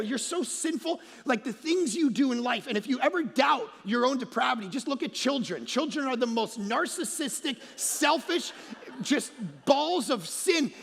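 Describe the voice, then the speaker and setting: Brief: male pastor, high gravelly voice, punchy comic delivery, big reverberant church hall. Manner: animated storytelling, shouts punchlines, mocks accents softly. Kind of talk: energetic comedic sermon. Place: large church auditorium.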